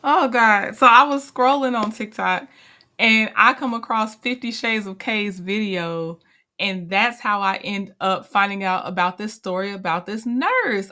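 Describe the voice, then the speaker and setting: A woman's voice: medium pitch, a little slow, pushed and bright. Chatty woman commentary host. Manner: chatty storytelling.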